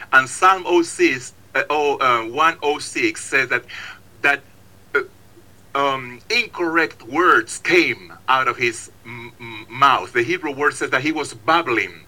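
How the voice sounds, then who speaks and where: A man's voice: medium pitch, unhurried, sharp tone, poor audio. A man preaching a sermon, emphatic and repetitive, acting out stories.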